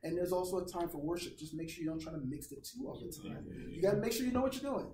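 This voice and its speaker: A man's voice: high voice, animated, dark tone, slight background noise. A man, a pastor, teaching a worship class in a casual, joking, conversational way. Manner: informal, joking, acts out quick voices. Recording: echoey room, far from mic, audience around.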